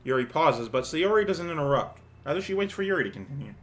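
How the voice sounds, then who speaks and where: Excitable man reading and reacting to a game. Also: on the high side, quick pace. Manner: excitable, laughing and swearing in his reactions. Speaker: let's play host. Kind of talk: reading a visual novel with live reactions.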